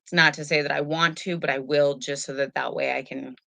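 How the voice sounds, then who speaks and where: A woman's voice: low voice, fairly even intonation, brisk, creaky, bright, forceful tone, dry recording. A woman hosting a live tarot stream at home, chatting in a rambling, easygoing way into a webcam. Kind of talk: casual live stream chat.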